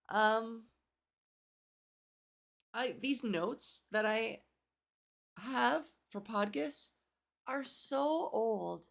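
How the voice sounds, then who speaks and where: A woman's voice: on the high side, drawn-out words, pauses often. A woman comedian hosting her own podcast, with a cracky voice, rambling and swearing in casual, self-deprecating chat. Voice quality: cracky, gravelly voice.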